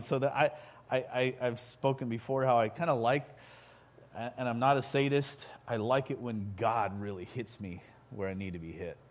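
A man preaching a sermon in a halting way, full of restarts, building to loud emphatic peaks. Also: medium pitch.

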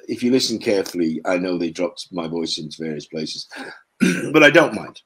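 An older man telling rambling stories as an interview guest, with a low, husky voice. He pauses often and clears his throat between his memories. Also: expressive, fairly bright tone. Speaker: actor, guest. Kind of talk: interview chat, storytelling.

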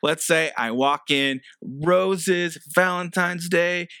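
A man's voice: high voice, slow pace, creaky, sharp tone, smooth, no echo. A man preaching a sermon as a pastor, earnest and conversational, often restarting phrases.

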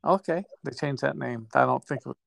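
Gravelly-voiced male interviewer. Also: medium pitch, brisk. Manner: brief affirmations, chuckling. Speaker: interviewer, fellow alumnus. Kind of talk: casual interview chat.

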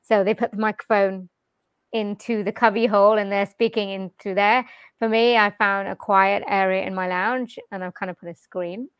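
A British-accented woman from Wales, a voiceover artist and singer, chatting upbeat and easily in an interview from a quiet corner of her lounge on a directional mic with a pop shield. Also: mid-range voice, fairly even intonation, smooth, dry recording. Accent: general British. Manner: chatty, upbeat, quick to laugh. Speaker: voiceover artist and jazz vocalist. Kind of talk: casual interview chat.

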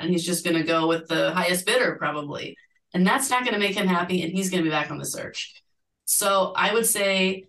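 A woman recruiter explains hiring in a relaxed, chatty way. Her voice sits a little low and sounds slightly distant from the mic. She keeps bringing in short impressions of candidates to make her points. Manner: animated, acts out candidate quotes. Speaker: recruiter at an agency. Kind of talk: conversational interview answers.

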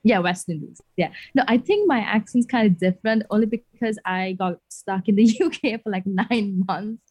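A young woman from Sri Lanka talks easily as a podcast guest. Her chat is relaxed and unhurried, and she drops in small laughs now and then. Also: medium pitch, slightly rough.

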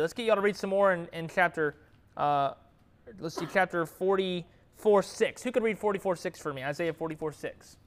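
A man's voice: sits high, normal speed. A young man leading a Bible study in a room with a group, talking in a loose, conversational way and sometimes dropping to a whisper. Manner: conversational, lively, drops to a whisper at times. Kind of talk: casual Bible teaching. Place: classroom with a group.

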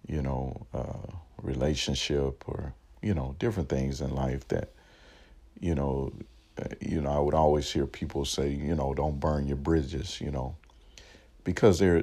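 Very deep, slow, mellow-voiced man. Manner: rambling, lots of fillers and restarts; encouraging, motivational. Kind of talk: casual reflective monologue.

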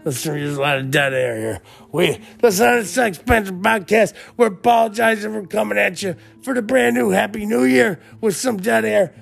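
Gravelly-voiced man hosting a podcast. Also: high voice, normal speed, soft background music. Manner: loud emcee patter, keeps saying "listen". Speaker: podcast host. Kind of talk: casual comedic podcast banter.

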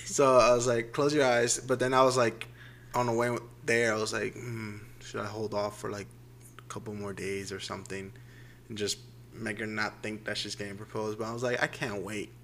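A young man co-hosting a casual chat, talking in a relaxed, rambling way. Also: fairly low pitch, moderate pace, a little hiss or hum. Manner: relaxed, laid-back, rambling. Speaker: podcast co-host.

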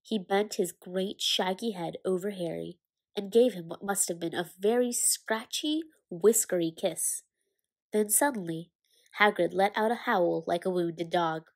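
A woman narrating a children's novel aloud in a measured, expressive storytelling manner. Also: lowish voice. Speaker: audiobook reader.

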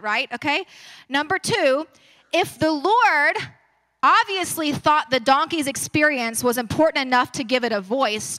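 A woman's voice: pushed and bright, no echo. A woman preacher reading scripture aloud and breaking off into casual asides, then pressing her point with rising force. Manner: conversational, asides between Bible verses; rises in pitch and force when preaching the point.

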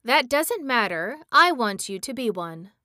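Lady doing a stern wrinkly old witch, higher and louder than her normal read, bossy and severe, dry close sound. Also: very animated, measured pace, no room sound. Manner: severe, commanding storybook witch.

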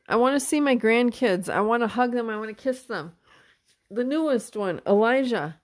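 A middle-aged woman with a higher-pitched voice hosts a casual podcast monologue, recorded dry with no echo. She talks candidly and from the heart, swears freely, and is open about her feelings, at times becoming emotional and openly tearful.

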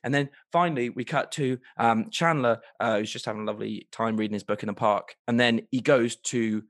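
A man's voice: medium pitch, fairly even intonation, fairly quick, no echo. Playful man rambling in a dry room. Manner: rambling, playful retelling with sound effects. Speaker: podcast co-host. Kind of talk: comedic podcast recap.

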